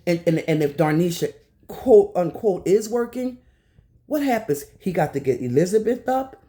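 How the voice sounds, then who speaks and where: A woman's voice: lowish voice, lively intonation, moderate pace, dark tone. A woman hosting her own channel, giving casual commentary straight to her viewers in an emphatic, repetitive way. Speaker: YouTube commentary host.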